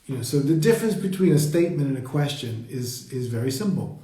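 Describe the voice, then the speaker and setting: A man leading a live meditation talk, speaking slowly and reflectively and greeting viewers as they join. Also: medium pitch, expressive, dark tone. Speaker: meditation teacher. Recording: roomy echo.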